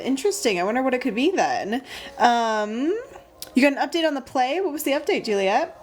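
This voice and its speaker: A woman's voice: fairly high pitch, a little mellow. A young woman casually chatting on a livestream while she draws, thinking aloud and greeting viewers by name. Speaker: livestream host drawing stickers.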